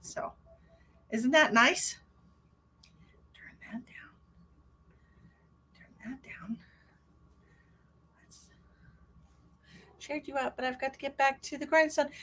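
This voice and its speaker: A woman's voice: high-pitched, normal speed, bright, forceful tone. Woman, middle-aged, psychic medium, live-stream host, casual chat, storytelling, laughs often, greets viewers.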